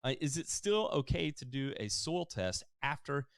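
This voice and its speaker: A man's voice: medium pitch, normal speed, creaky, hardly any pauses, smooth, dry recording, clean studio sound. A man hosting a live-stream lawn care help desk, casually reading viewer questions and answering them at length with many fillers. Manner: relaxed, explanatory, many fillers.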